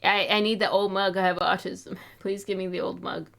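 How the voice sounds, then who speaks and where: A woman's voice: mid-range voice, level tone, normal speed, vocal fry, a bit bright. A young woman streaming live, chatting casually and fretting aloud in a rambling, wistful way, sounding a little sick.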